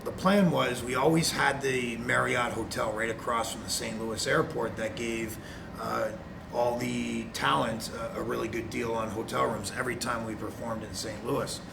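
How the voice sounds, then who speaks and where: A middle-aged man from Canada, a retired wrestler telling an animated anecdote as a guest on a video call. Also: medium pitch, moderate pace, creaky, background noise. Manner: animated, acts out quotes. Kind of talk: anecdote storytelling.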